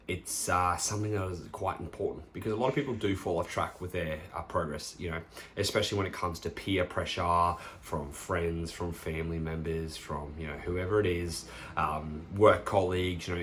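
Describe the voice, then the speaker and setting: A young man talks straight into a podcast mic, giving blunt fitness advice in a fairly low voice. He swears casually and acts out what pushy friends would say. The tone is loose and conversational. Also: fairly bright tone. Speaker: podcast host and personal trainer. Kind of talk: casual solo podcast monologue.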